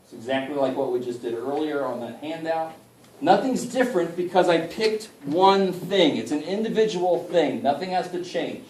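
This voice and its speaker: Joking math teacher in an echoey classroom. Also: male voice, fairly high pitch, lively intonation, normal speed, darkish tone, far from the mic, a little hiss or hum. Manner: informal and joking, mild swearing, asks the class for help. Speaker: math instructor. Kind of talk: casual classroom lecture. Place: college classroom. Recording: echoey room picked up from afar.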